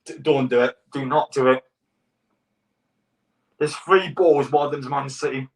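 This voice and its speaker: Exasperated football fan, off-mic. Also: male voice, medium pitch, steady tone, unhurried, distant mic. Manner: exasperated, swearing, rambling with stutters and laughs. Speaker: football fan streamer reacting to a cup draw. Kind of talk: live reaction commentary.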